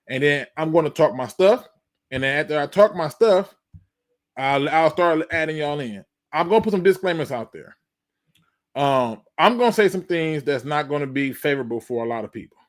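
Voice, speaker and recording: Lively man hosting a sports livestream. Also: on the high side. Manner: energetic, repeats himself, calls out viewers. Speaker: sports talk show host. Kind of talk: casual live-stream sports talk.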